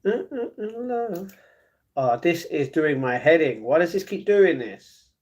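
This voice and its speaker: Slow-talking London man chatting on stream. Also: a little high, very animated, darkish tone. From London, England. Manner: reads chat messages aloud and answers them, chuckles often. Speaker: livestreamer. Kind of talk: casual live stream chat. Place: at home.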